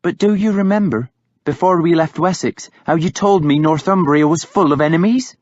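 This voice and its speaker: A man's voice: on the high side, normal speed, a little mellow, no room sound, voice pushed up, close to an everyday voice. A man putting on a tart, pious young woman's voice. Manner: tart, reproving. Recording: dull lo-fi audiobook recording.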